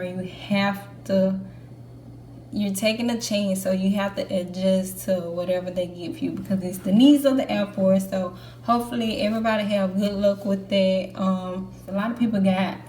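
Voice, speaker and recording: Her voice medium in pitch and darkish in tone, a young Air Force trainee vlogger chats to camera in a relaxed, candid way, with many fillers. The room is echoey, with a faint hum in the background.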